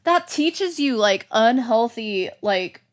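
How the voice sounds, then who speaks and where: A woman's voice: fairly high pitch, expressive, takes it slowly. A woman hosting a podcast in casual chat, chatty with blunt reactions.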